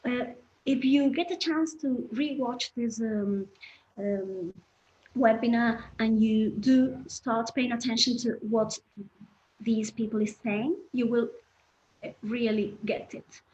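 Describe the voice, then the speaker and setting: Woman, higher voice, encouraging webinar teacher, muffled lo-fi audio. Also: steady tone, slow pace, darkish tone, a little hiss or hum. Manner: encouraging, explains patiently, addresses the chat. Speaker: English pronunciation teacher. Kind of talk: online webinar lesson.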